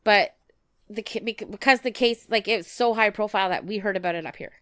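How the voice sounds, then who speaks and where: A woman's voice: medium pitch, brisk, fairly bright tone, smooth, no echo, clean studio sound. A woman co-hosting a casual true-crime podcast, outspoken and indignant, swearing now and then. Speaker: podcast co-host.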